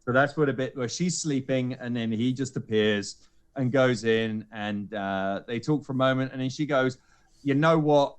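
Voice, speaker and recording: A man's voice: medium pitch, normal speed, clean tone. Casual man retelling a film. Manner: animated storyteller acting out lines in character voices. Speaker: podcast co-host recounting a film screening. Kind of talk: casual chat.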